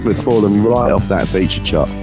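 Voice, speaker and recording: A man's voice: on the low side, normal speed, rough recording. A man co-hosting a casual music podcast, cheeky and swearing as he chats with his mouth full. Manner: cheeky, swears, talks while eating. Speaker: podcast co-host. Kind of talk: casual radio banter. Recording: music playing behind.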